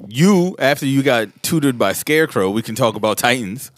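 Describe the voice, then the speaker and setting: A man's voice: medium pitch, animated, a little fast. A man co-hosting a podcast, dropping dry, crude joke lines into the chat. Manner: dry crude joking quips. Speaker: podcast co-host. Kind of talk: casual chat.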